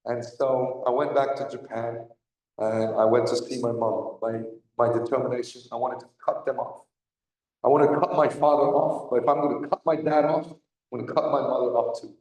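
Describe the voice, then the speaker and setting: A man giving a candid personal testimony at church, talking in a halting way with frequent pauses. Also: mid-range voice, steady tone, a little mellow. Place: church hall. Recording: echoey hall, voice from far off.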